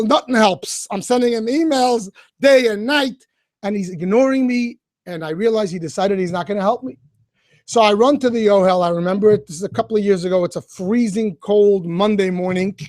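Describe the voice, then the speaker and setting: Animated high-voiced rabbi telling stories. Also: male voice, no echo, clean studio sound. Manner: animated storyteller, addresses children directly. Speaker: rabbi speaking to schoolchildren. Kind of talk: storytelling talk.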